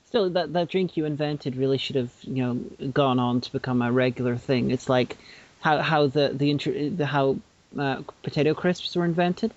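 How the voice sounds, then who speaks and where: A man's voice: mid-range voice, normal speed. Hesitant man co-hosting a podcast. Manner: hesitant, restarts often, swears casually. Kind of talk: casual chat. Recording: dull lo-fi podcast audio.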